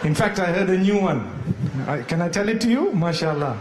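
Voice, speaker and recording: High-voiced male preacher in an echoing hall. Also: brisk, noisy background. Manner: animated, humorous storytelling with rhetorical questions. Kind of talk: sermon.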